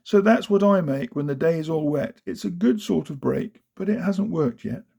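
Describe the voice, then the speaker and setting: A man's voice: on the high side, animated, normal speed, gravelly, warm tone, breathy edge. A man giving a rhythmic, sing-song storybook reading of children's poems. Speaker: reader of children's verse.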